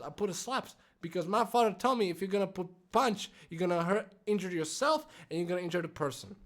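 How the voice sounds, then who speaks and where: A man's voice: sits high, fairly bright tone. Swearing young man telling a story. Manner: swears a lot, many fillers, non-native phrasing. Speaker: vlogger. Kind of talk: casual storytime.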